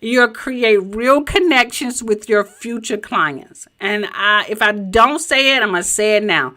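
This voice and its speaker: Southern woman coach, high bright voice, lively and chatty, teaching from her home office on a webcam. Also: a little slow, few pauses. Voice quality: a little high-pitched. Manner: animated, chatty, talks straight to viewers. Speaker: business coach. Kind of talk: live-streamed teaching presentation.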